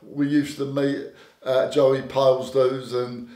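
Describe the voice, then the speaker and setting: A man's voice: medium pitch, flat delivery, slow, a little mellow. An older man, a former doorman telling stories as a podcast guest, stumbling over repeated words and acting out quoted dialogue. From Britain. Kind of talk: casual storytelling interview. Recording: echoey room.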